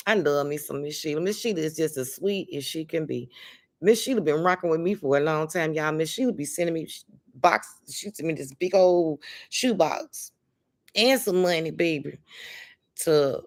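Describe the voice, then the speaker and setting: This is a woman, chatting to viewers on a live stream. Her voice sits a little low. She talks emphatically and fondly, leaning on honey and baby as she speaks into her phone or webcam. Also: animated, moderate pace. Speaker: livestream host. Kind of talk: casual livestream chat.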